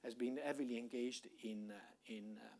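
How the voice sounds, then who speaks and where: Guy giving a policy talk, kinda husky voice, lots of uhs and restarts. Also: mid-range voice, fairly even intonation, darkish tone. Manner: measured, many fillers and restarts. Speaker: guest speaker, think-tank director. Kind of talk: public lecture.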